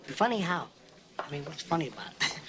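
An actor playing a hot-tempered, menacing mobster in a film scene, interrogating and swearing. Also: male voice, on the high side, big pitch swings, brisk, background noise. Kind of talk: film drama acting.

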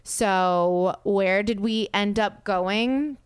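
A woman podcast host telling an animated story in casual chat, peppered with "like" and acted-out quotes. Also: mid-range voice, extremely slow, clean tone, no echo, clean studio sound. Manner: animated storyteller, heavy use of "like"; acts out quoted dialogue with exasperation.

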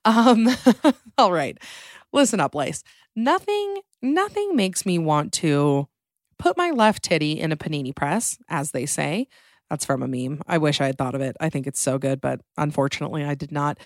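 Host: young woman, lowish voice, dry close sound, playful chat. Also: no room sound. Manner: chatty, playful, with acted-out quotes. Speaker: podcast host. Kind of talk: casual podcast chat.

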